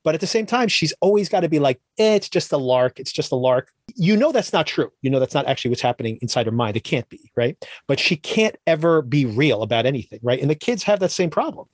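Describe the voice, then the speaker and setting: A man's voice: fairly high pitch, big pitch swings, fast talker, no room sound, studio quality. A man hosting a podcast, chatting casually and animatedly, often laughing and acting out lines. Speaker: podcast host. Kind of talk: casual chat.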